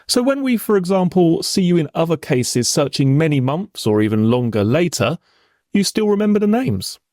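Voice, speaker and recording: Male prosecutor for a courtroom reenactment: formal, probing, lively pitch, dry close sound. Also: moderate pace, no room sound. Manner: formal, probing, pointed questions. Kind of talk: courtroom cross-examination reenactment.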